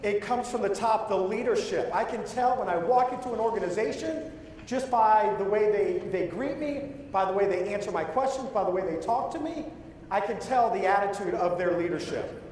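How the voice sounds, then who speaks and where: A man delivers a motivational keynote, telling a personal story and drawing the audience in with questions. His voice sits high for a man. The sound is distant and washed in long, booming reverb from a large hall. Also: normal speed, darkish tone, a little hiss or hum. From Louisiana. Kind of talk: live motivational keynote speech. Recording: echoey hall, from far off.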